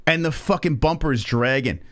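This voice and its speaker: A man's voice: fairly high pitch, a little fast, no room sound. A man hosting a live stream, telling a story in a casual, profane way and acting out the people he quotes. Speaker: stream host.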